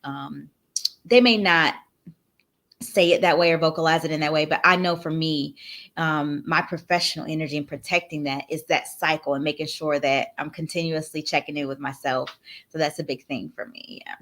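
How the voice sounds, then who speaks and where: A woman's voice: low voice, steady tone, moderate pace, a bit bright. A woman hosting a casual chat, reflective and easygoing as she talks about herself. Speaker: host.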